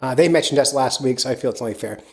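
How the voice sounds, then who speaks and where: A man's voice: mid-range voice, very fast, darkish tone. Chatty man hosting a fishing podcast. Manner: rambling, chatty, many fillers and restarts. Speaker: podcast host. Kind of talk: casual chat.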